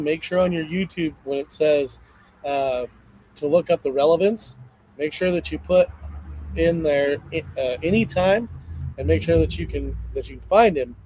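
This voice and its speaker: A man's voice: a little high, mellow, a little hiss or hum, rough recording. A man hosting a casual livestream chat, talking energetically and rambling about conspiracies. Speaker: host.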